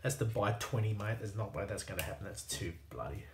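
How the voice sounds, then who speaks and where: A man's voice: fairly low pitch, lively intonation, fast, reverberant, slight background noise. A man with an Australian accent chatting casually to himself and his viewers while working at a workbench, self-deprecating and easygoing. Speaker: hobbyist watchmaker.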